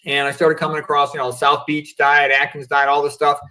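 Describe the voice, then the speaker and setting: A man's voice: fairly high pitch, monotone, a little fast, pushed and bright, low-quality recording. A middle-aged man, a physician guest on a remote video call, talking in a reflective, philosophical way and often saying "you know" and "okay". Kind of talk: casual livestream interview.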